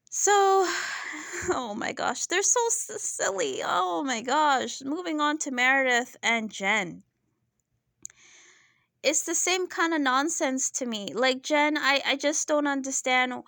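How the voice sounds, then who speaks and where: A young woman with a fairly high voice talks through a casual commentary vlog, opinionated and a little exasperated. She is chatty and leans on fillers as she goes. The sound is dry and close. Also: bright, forceful tone, no echo. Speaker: reality TV reviewer.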